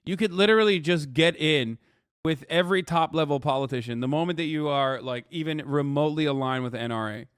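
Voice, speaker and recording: A man in his thirties streaming live reaction commentary, ranting and swearing, jumping between loud outbursts and low mutters. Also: brisk, clear, resonant tone, no room sound, studio quality. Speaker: streamer reacting to a news video.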